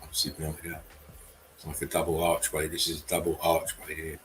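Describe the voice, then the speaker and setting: Low-voiced guy, blunt and sweary, casual stream chat, faint music behind. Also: monotone, brisk, low-quality recording. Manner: blunt, swearing, chuckling often. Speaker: channel host. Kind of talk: casual livestream commentary.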